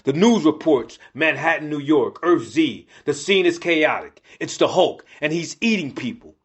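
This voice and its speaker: A man's voice: a little high, expressive, moderate pace, husky. A man narrating a comic story in a dramatic storytelling manner, acting out each character.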